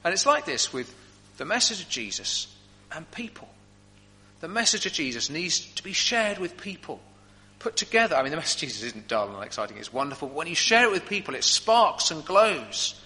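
A man preaching a sermon with animated storytelling, in a long hall reverb. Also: on the high side, a little fast. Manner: animated storytelling, vivid examples.

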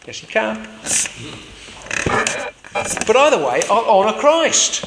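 A man voicing a calm, faithful imprisoned apostle in a retold scene. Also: sits high, takes it slowly, gravelly, noisy background, pitched above the performer's own voice, exaggerated voice. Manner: calm, assured.

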